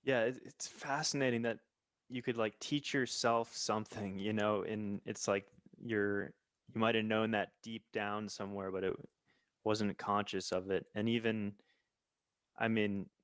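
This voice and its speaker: A man's voice: lowish voice, level tone, measured pace, a bit bright, dry recording, clean studio sound. A male podcast host responding reflectively and hesitantly, with several restarts. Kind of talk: podcast conversation.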